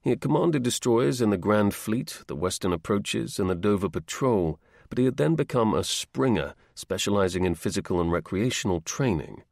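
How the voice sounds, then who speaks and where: A man reading a history audiobook in a measured, steady narrating voice. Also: lowish voice, gravelly, dry recording, clean studio sound. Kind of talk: scripted narration.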